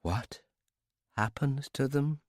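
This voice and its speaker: A male narrator puts on a merciless hero bent over his captive. He speaks slowly and quietly, with chilling calm and lively pitch, recorded dry and close. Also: no room sound, heavily acted. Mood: quiet interrogation. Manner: quiet, implacable, menacing. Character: cold, ruthless male hero interrogating a captive.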